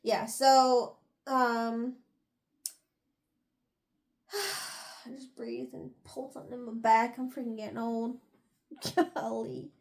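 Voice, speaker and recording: A woman's voice: on the high side, slow, vocal fry, long pauses, darkish tone. A young woman giving a casual book recap as a podcast host, chatty and full of laughs.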